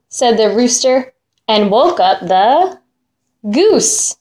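A woman reading a children's picture book aloud in a sing-song, drawn-out way, imitating animal sounds. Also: on the high side, expressive. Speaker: storyteller.

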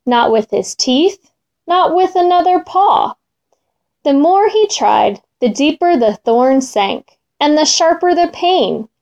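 A woman reads a children's storybook aloud in an expressive, sing-song way. Her voice is high and swings widely. She takes her time with each line. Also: lo-fi sound. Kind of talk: storybook reading.

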